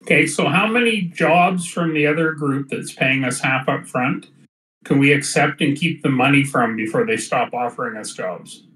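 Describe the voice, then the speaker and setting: A man's voice: mid-range voice, moderate pace, a bit bright, reverberant, distant mic, low-quality recording. A man playing a tabletop game over a voice call, asking joking, scheming questions. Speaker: player. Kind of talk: casual chat at the game table.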